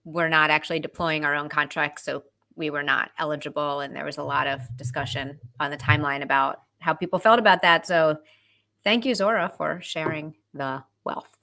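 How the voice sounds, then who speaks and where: A woman co-hosting a casual talk show, playful and joking in quick asides. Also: deep voice, steady tone, bright, forceful tone. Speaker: podcast co-host. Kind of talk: casual chat.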